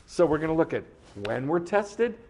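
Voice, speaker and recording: A man's voice: on the high side, normal speed, slight background noise. A middle-aged man teaching a sermon in a conversational way, asking the listeners questions and reciting Hebrew prayer lines. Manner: lively, conversational, asks the room questions. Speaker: congregation teacher.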